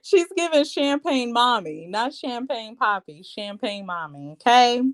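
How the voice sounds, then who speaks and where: A woman's voice: on the high side, big pitch swings, a little slow. A woman hosting a live reality TV recap, chatting in a sassy, gossipy, slangy way. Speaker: show recap host.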